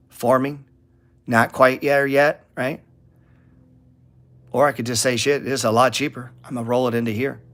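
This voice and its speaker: A man's voice: medium pitch, fairly bright tone. A middle-aged man hosting a casual stock trading talk to viewers, blunt and profane, rambling and getting heated. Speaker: stock trading channel host.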